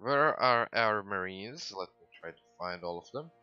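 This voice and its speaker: Excitable swearing man streaming a game. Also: fairly low pitch, moderate pace, smooth, no room sound, muffled recording, faint music behind. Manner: excitable, swears, sudden loud outbursts. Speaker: gaming livestreamer. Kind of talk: casual gameplay commentary.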